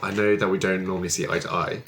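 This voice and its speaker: A man voicing his tabletop character, a former cop turned adventurer, talking low and conspiratorially. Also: level tone, quick pace, background noise.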